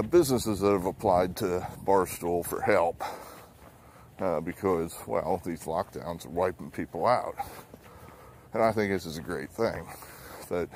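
A man's voice: low-pitched, darkish tone, a little hiss or hum. A man giving rambling, blunt political commentary with swearing and many fillers while walking outdoors, slightly out of breath, recorded on a handheld phone. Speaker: political vlogger. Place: outdoors on a neighborhood walk.

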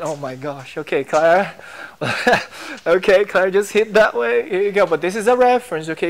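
Male tennis coach, mid-high voice, encouraging, short court commands, faint background noise. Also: a bit bright.

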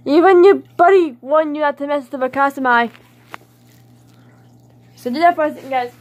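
Lady with a high voice chattering at her pet fish, scolds em playfully, all excited. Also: a little fast, highs cut off. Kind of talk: casual vlog chatter to her pets.

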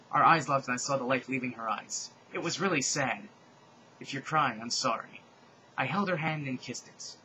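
A man giving a comedic dramatic reading of a fan fiction, mock-serious with sarcastic deadpan asides. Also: medium pitch, a little hiss or hum, rough recording.

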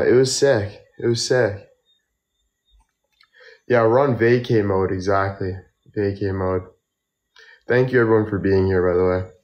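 A young man chatting casually on a phone livestream, tired and tipsy from drinking, rambling slowly with lots of fillers. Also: on the low side, a little mellow, lo-fi sound. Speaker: model and livestreamer.

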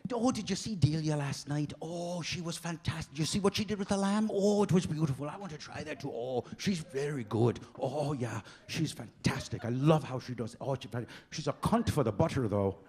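A woman's voice: low-pitched, expressive, fairly quick, few pauses, dark tone. A man voicing a chatty little old Irish woman with an Irish accent who gushes about a cooking show. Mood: gushing.

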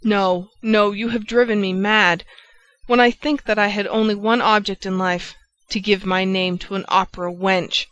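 Woman reading as a jealous young nobleman, loud and heated, audiobook. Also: mid-range voice, fairly even intonation, moderate pace, dull audio, lightly acted. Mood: angry, bitter. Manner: loud, impassioned outbursts.

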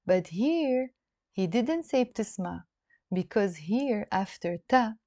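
Woman teaching, slow and repetitive. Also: mid-range voice, expressive, dark tone, dry recording. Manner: explains slowly, repeats phrases, switches between languages. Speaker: Arabic teacher. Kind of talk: song-based language lesson.

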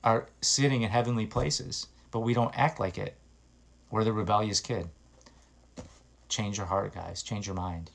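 Low-voiced man preaching with earnest urgency. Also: creaky. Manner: earnest and exhorting, rising to emphatic bursts. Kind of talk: informal sermon.

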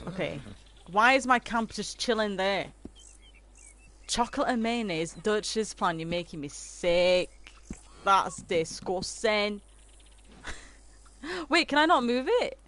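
A woman's voice: medium pitch, lively intonation, takes it slowly, long pauses, fairly bright tone, slight background noise. A woman, chatting casually with viewers on a game stream and laughing easily. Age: 20s. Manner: chatty and giggly, reading out and answering chat.

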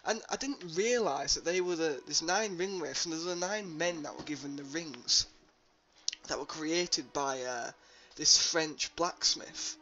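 A man's voice: fairly high pitch, a little slow, highs cut off. A young man casually commenting on his gameplay, rambling with lots of ums and uhs. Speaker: let's play host. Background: game music.

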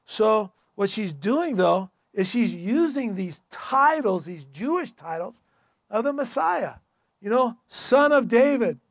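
High-voiced preaching pastor. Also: male voice, very animated, takes it slowly, no echo, clean studio sound. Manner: earnest, emphatic, conversational preaching. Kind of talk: sermon. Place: church.

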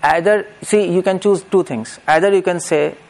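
A man's voice: high-pitched, moderate pace, vocal fry, a little mellow. A middle-aged man, giving a lecture-style religious discourse and asking his audience rhetorical questions. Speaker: preacher.

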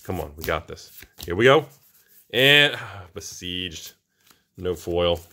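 Guy cracking packs on camera, voice jumping all over the place, hyped then hushed. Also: deep voice, slow. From United States. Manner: animated, swings from hushed awe to whooping excitement. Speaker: channel host opening card packs. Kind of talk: excited box-opening commentary.

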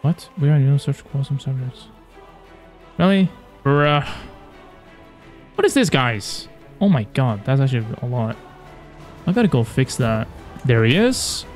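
A young man casually commentating his strategy game, animated and taunting, swearing as he plays. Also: medium pitch, unhurried, pauses often, faint music behind. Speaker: gaming YouTuber.

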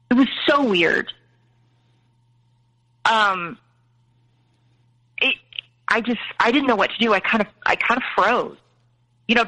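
A young woman, appearing as a guest, candidly tells a painful story about her family, quoting other people in her own voice. Her voice is medium-pitched and bright with a forceful tone, and the recording quality is low.

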